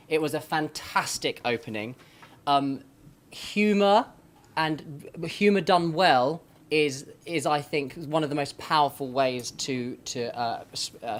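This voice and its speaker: A man, a vocal coach, giving effusive, affectionate feedback to a speaker. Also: on the high side.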